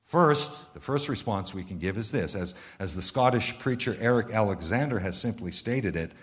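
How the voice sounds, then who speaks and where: Emphatic Canadian preacher, lively pitch. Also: male voice, normal speed. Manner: emphatic preaching, repeating words for stress, rhetorical questions. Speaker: pastor. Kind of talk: sermon.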